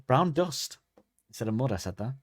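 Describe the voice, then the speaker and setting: A man's voice: medium pitch, moderate pace, breathy edge, dry recording. A man, co-hosting a podcast and chatting casually, joking and acting out quotes. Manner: animated, jokey, acts out quotes. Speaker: podcast co-host. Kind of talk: casual comedic chat.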